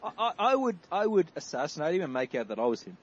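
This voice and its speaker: A man co-hosting a podcast, ranting crudely and quickly over a remote call. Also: fairly high pitch, dull audio, crowd noise. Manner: fast, profane, animated rants. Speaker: podcast co-host. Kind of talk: casual crude banter.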